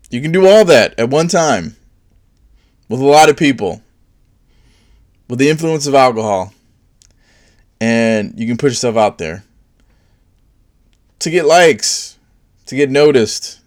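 This is a sarcastic stand-up style monologue from a man who repeatedly shifts into high, put-on mocking voices to land his bits.

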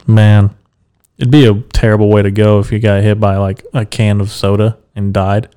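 A man's voice: fairly low pitch, level tone, normal speed, warm tone, clean tone. A man who is a guest on a podcast, chatting casually with crude, joking banter. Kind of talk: casual chat.

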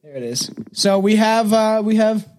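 High-voiced young man, loose and profane. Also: animated, normal speed, darkish tone. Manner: loose and profane, heavy with "like" and fillers, stumbles when reading notes. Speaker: podcast co-host leading the episode. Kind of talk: casual true-crime podcast chat.

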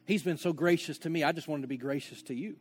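A man's voice: fairly high pitch, quick pace, slightly rough, faint music behind. A man preaching a sermon as pastor, conversational, with joking asides and acted-out dialogue.

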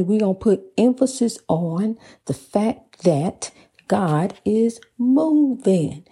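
Husky folksy woman preaching casually. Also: on the low side, takes it slowly, dark tone. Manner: folksy, calls listener honey, storytelling. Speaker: host of a faith talk program.

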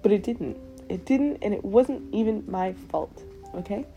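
A young woman telling stories on her podcast in a loose, animated way, laughing and swearing often. Her voice is dark and mellow. Faint music plays under her. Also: mid-range voice, unhurried. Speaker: podcast host. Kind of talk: casual storytelling.

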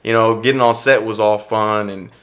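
A man's voice: on the low side, moderate pace. A middle-aged man, an actor and podcast guest, casually telling a story and acting out the dialogue. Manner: lively storyteller who acts out quoted dialogue.

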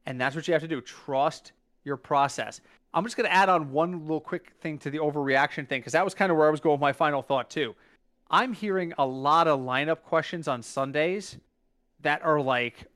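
His voice is on the high side and moves at normal speed. He's co-hosting a podcast in casual conversation, lively and emphatic, tripping over his words and restarting as he recalls things.

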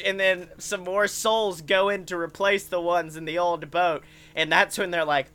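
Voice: mid-range voice, normal speed, hardly any pauses, clean tone. Comedian, casual rambling storyteller, profane. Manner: rambling, animated, peppered with "like" and swearing. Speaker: podcast comedian. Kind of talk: comic storytelling.

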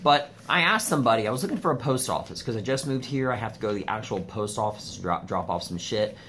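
Man, low-ish voice, swears freely, rambles and spikes up when worked up, filming himself on a phone at home with a faint hum behind. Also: fast talker. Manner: profane, rambling, animated swings in pitch. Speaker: vlogger. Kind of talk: casual ranting monologue. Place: home studio room, indoors. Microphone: phone camera.

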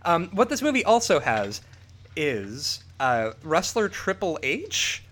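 Man, podcast co-host, casual chat, profane, high-ish voice, very expressive pitch. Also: slow pace, slight background noise. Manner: profane, animated, riffing with laughs.

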